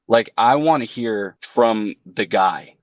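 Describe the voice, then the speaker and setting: A man's voice: on the low side, slow pace, no room sound. Casual man thinking aloud, muffled line. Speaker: lawn care business owner. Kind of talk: casual chat.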